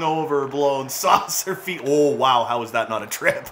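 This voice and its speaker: Man, casual gameplay commentary, excitable, teasing, animated pitch, bright voice. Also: moderate pace, slight background noise. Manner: excitable, mocking teammates, frequent laughs and shouts. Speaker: gaming YouTuber.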